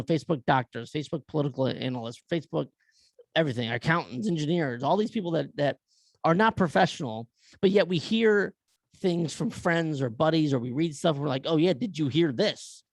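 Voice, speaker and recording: A man's voice: on the high side, lively intonation, brisk, vocal fry, dry recording. A man hosting his own podcast, ranting bluntly with profanity and firing off rhetorical questions. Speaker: podcast host. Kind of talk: opinion rant.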